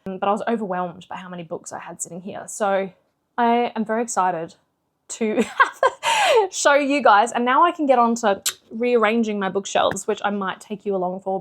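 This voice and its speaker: A woman book vlogger in casual chat, chatty and animated with lots of fillers. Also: mid-range voice. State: slightly out of breath.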